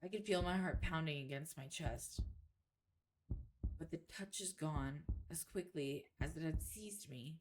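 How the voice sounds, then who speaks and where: A woman streamer reading a horror game aloud in first person, with casual, expressive asides and the occasional swear. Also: low-pitched, measured pace, a little hiss or hum, low-quality recording.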